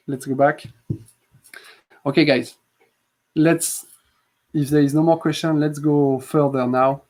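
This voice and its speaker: Chatty stream host. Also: male voice, on the high side, fairly even intonation, darkish tone, low-quality recording. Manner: chatty, asks many quick questions. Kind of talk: live stream chat.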